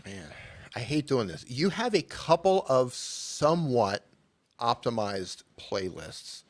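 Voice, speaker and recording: A man co-hosting a live-stream channel review game show, easygoing and candid, reasoning out loud as he critiques. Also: mid-range voice, big pitch swings, takes it slowly.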